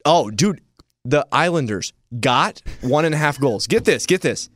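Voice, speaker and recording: A man's voice: a little high, expressive, a little slow, a bit bright, dry recording. A young man in casual chat as a podcast co-host, laid-back with joking banter.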